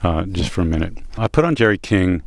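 A man's voice: low-pitched, sing-song, a little fast, no echo, studio quality. A man hosting a radio music show, talking with a guest in an enthusiastic, conversational way. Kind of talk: radio interview.

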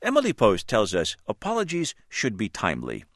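Male news reporter, very deep and animated, wry scripted read, dry close studio mic. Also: a little fast, no room sound. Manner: wry, lively delivery.

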